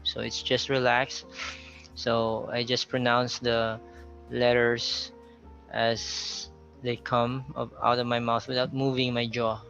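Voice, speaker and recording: A man's voice: mid-range voice, monotone, slow pace, vocal fry, a bit bright, muffled recording, soft background music. A man from the Philippines with a Filipino accent, teaching an English pronunciation lesson and repeating example words as he explains them.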